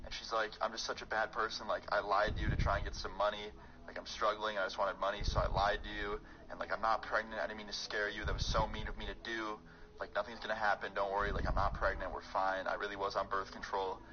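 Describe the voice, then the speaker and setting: A young man telling a rambling, excitable storytime on his vlog, full of fillers. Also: on the low side, fast talker, dull audio. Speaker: YouTuber storyteller.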